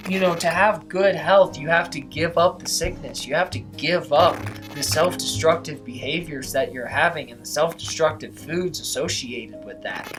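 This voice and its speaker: A young adult woman vlogger giving a casual motivational monologue, swearing constantly and talking emphatically in rambling runs. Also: fairly low pitch.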